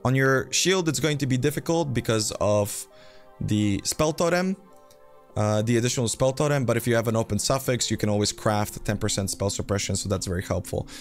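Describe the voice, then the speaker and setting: A man's voice: medium pitch, brisk, faint music behind. A man casually walking through a game character build, rambling with fillers and self-deprecating asides. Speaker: game build guide host. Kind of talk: casual gameplay guide commentary.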